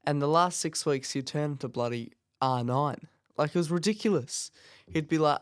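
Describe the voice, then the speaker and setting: Chatty man, smooth dry voice. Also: on the high side, normal speed, no echo. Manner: chatty, rambling, bursts of excitement. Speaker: watch-along host. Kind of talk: casual live match commentary. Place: office.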